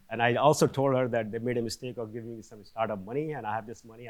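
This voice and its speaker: A man, older, giving a seminar lecture in a conversational way, often pausing to ask the audience "okay?" and restarting his sentences. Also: medium pitch, fairly even intonation. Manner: conversational, frequent "okay?" check-ins with restarts. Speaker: seminar speaker. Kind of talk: academic lecture. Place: lecture hall.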